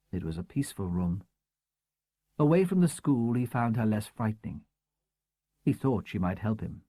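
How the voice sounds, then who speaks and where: A man narrating a crime novel audiobook in a measured, expressive storytelling manner. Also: on the low side, dry recording. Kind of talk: scripted narration.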